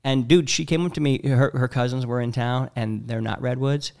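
A man in his thirties talking casually and bluntly, acting out quotes with animated voices. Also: medium pitch, normal speed, gravelly. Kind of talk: casual podcast chat.

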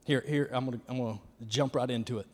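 A man, a youth pastor preaching in a folksy, emphatic storytelling style that swings from hushed to loud. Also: medium pitch, fairly even intonation, fast talker. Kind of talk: storytelling sermon. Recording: long hall reverb.

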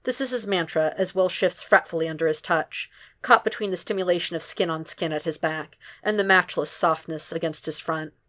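A woman narrating a fan fiction audiobook in a steady, unhurried way. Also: fairly low pitch. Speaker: podfic reader.

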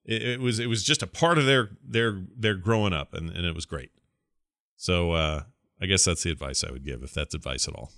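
A middle-aged man co-hosting a podcast, talking in a relaxed, rambling way with lots of fillers. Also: low-pitched, a little fast, no room sound, studio quality. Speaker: podcast co-host. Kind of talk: casual podcast chat.

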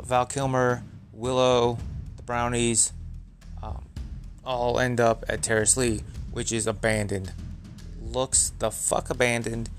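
A man hosting a podcast, recapping a movie in a rambling, profane, filler-heavy way. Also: mid-range voice. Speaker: podcast host.

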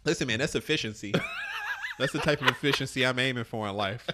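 A man's voice: mid-range voice, quick pace, very noisy. A man co-hosting a casual podcast, telling crude stories with lots of laughter and acted-out voices. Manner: animated storyteller, laughs often, acts out voices. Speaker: podcast co-host.

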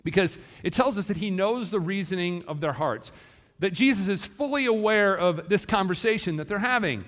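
A man preaching a sermon in a church, animated and acting out the disciples' words. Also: sits high, normal speed. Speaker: pastor. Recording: long hall reverb.

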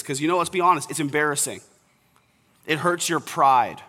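A man's voice: a little high, moderate pace, bright, forceful tone. A young man preaching an earnest, conversational sermon to fathers as pastor. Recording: reverberant hall.

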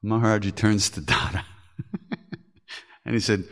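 Gravelly low-voiced man telling stories. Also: fairly even intonation, a little slow, pauses often, fairly bright tone. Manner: frank and earthy, swears and laughs at himself. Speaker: podcast host telling spiritual stories. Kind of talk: candid storytelling talk.

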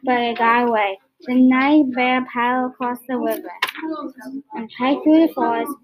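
A woman reading a picture book aloud, halting at times with restarts and repeats. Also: a little high, steady tone, poor audio. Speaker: storyteller. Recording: crowd heard behind.

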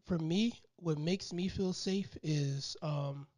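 A man's voice: a little high, slow pace, darkish tone. A man hosting a podcast in casual interview chat, loose and full of fillers and restarts. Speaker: podcast host.

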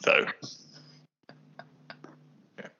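A man's voice: extremely slow, bright, forceful tone, lo-fi sound. A man in rambling, laughing football banter with lots of fillers. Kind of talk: casual football chat.

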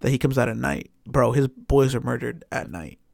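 A man telling a story in casual chat, animated and swearing often, with lots of filler words. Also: medium pitch, normal speed, creaky, no room sound, clean studio sound.

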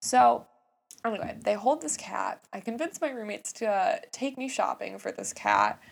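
A young woman in her twenties telling a story casually, with animated jumps between hushed asides and excited outbursts. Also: medium pitch, normal speed, gravelly.

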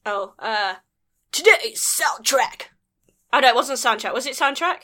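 A woman's voice: on the high side, lively intonation, brisk, bright, forceful tone. A woman co-hosting a casual podcast, chatty and giggly. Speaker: podcast co-host.

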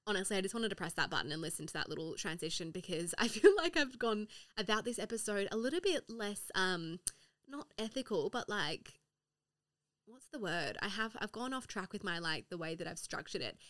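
A woman's voice: mid-range voice, animated, fairly quick, fairly bright tone. A young woman hosting her own podcast in casual solo chat, swearing freely, laughing often and filling her talk with "like.". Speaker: podcast host. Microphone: own podcast mic.

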